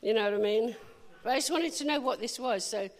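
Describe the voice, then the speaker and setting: A woman preaching a sermon, telling a personal story with lively, animated delivery and bursts of laughter. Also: a little high, fairly quick, big-room sound.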